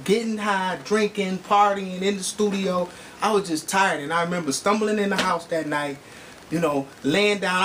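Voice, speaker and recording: A man's voice: high voice, a bit bright, slight background noise. A man in a studio giving an earnest, heartfelt spoken testimony, full of "you know" fillers. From Detroit area.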